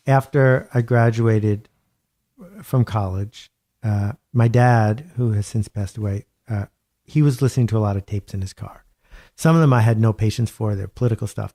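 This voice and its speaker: A man being interviewed as a guest author. He tells stories in an animated, wry way and leans on emphatic repetition. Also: fairly low pitch. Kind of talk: conversational interview. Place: home studio.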